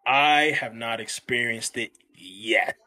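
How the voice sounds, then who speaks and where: A man with a husky voice that still has a bright, forceful tone talks as a co-host in a relaxed sports chat. He speaks loosely, often tossing in "bro" and "man.". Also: mid-range voice, slow pace. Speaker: podcast co-host.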